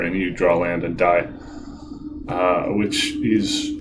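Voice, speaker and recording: Low-voiced man casually commenting gameplay. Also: takes it slowly, background noise. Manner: relaxed, self-deprecating, frequent ums and uhs. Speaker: gaming video host.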